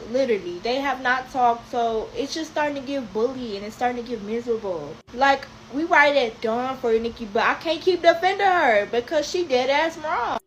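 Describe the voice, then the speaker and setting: Woman, casual reaction commentary, blunt and frustrated, high-pitched. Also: slight background noise, low-quality recording. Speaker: commentator reacting to celebrity news.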